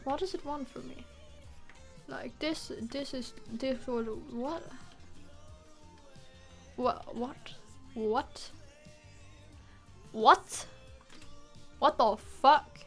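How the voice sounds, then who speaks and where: A woman's voice: sits high, drawn-out words, pauses often, faint music behind. A young woman from Denmark, giving exasperated, swearing commentary while she streams a game. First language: Danish. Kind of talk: live gameplay commentary.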